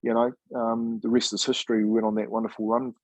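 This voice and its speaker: Easygoing ex-coach from New Zealand, 50s, husky and dry-miked, chatty storyteller. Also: male voice, mid-range voice, flat delivery, fast talker, a little mellow, dry recording, poor audio. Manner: laid-back, chatty, says "mate" often, acts out quoted dialogue. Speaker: former rugby league player and coach, guest. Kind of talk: casual storytelling interview.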